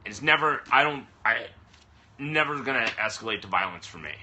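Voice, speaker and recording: A man's voice: medium pitch, lively intonation, a little fast, sharp tone. A man ranting on a live stream, frustrated and swearing heavily as he talks to the camera. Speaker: vlogger. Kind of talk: angry live-stream rant. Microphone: camera mic. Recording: phone or webcam live stream.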